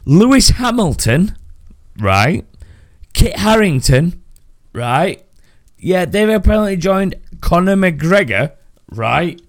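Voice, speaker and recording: Ranting sweary podcast host. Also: male voice, high voice, big pitch swings, slow pace, long pauses, no echo, studio quality. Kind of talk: casual podcast chat.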